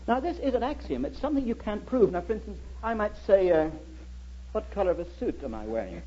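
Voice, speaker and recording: A man's voice: high-pitched, sing-song, fast talker, warm tone. A middle-aged man giving a public lecture as a historian, telling stories and asking his audience rhetorical questions. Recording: dull lo-fi old recording.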